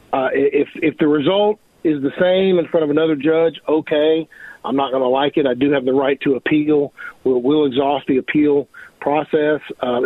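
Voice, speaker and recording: A man's voice: a little high, no echo. Indignant man on a tinny phone line. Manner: indignant, emphatic, repeats himself. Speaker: lawyer guest. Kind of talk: radio call-in interview.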